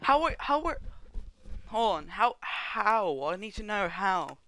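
A young man chatting casually on a gaming livestream, joking and rambling with quick laughs. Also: high-pitched, sing-song, sharp tone, dry recording. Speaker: streamer.

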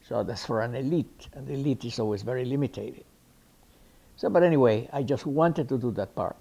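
A man from Cuba tells stories from his career in an interview. He speaks English with a Cuban Spanish accent and a mellow, warm tone, and he acts out the people in his stories as he goes. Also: medium pitch, normal speed, creaky, husky. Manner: lively raconteur who acts out the people he quotes. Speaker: interviewee, actor. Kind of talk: anecdotal storytelling interview.

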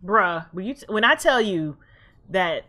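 A woman's voice: medium pitch, lively intonation, moderate pace, bright, forceful tone. A woman giving blunt, profane, slang-filled commentary as she reacts to an anime episode.

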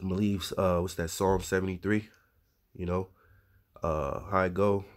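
A man's voice: low voice, level tone, normal speed. A man giving informal scripture teaching in a conversational way, reading verses aloud and adding frequent asides. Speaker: religious teacher.

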